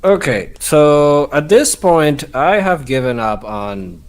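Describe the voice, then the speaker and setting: A man playing a tabletop game, describing what his character does in an animated, emphatic way. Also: on the high side, slow pace. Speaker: player.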